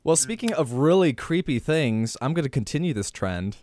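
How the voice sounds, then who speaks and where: A man's voice: a little high, sing-song, moderate pace, darkish tone, dry recording. A young man co-hosting a casual podcast, joking around and presenting a story in a playful tone. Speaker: podcast co-host. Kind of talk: casual chat.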